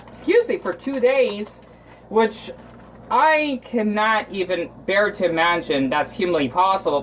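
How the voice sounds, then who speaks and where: A man from Arizona talking in a casual cooking vlog, rambling and emotional, with frequent restarts and halting phrases. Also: high voice, a bit bright, a little hiss or hum, poor audio. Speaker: vlogger.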